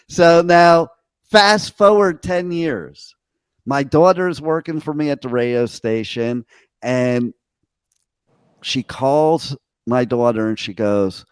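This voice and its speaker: A man's voice: medium pitch, slow, pauses often, clear, resonant tone, dry recording. A middle-aged man, a radio host, telling brash stories and swearing freely in a casual interview.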